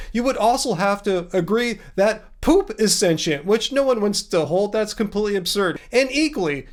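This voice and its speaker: Emphatic, high-voiced male vlog host. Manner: emphatic, argumentative, sarcastic. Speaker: vegan channel host. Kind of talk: commentary vlog.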